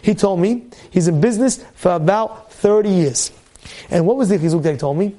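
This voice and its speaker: A man giving a weekly Torah talk as a rabbi, animated, firing rhetorical questions and repeating his phrases. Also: high voice, a little fast.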